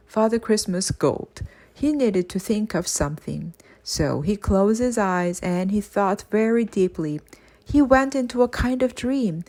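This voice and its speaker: A woman reading a children's book aloud in a clear, steady storytelling way. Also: medium pitch, unhurried. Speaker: audiobook reader.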